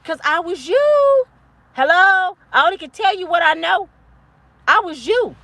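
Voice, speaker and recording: A woman in her fifties giving a blunt, profane, preachy monologue to camera, yelling at times. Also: extremely high pitch, expressive, unhurried, dry recording. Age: 50s. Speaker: motivational vlogger.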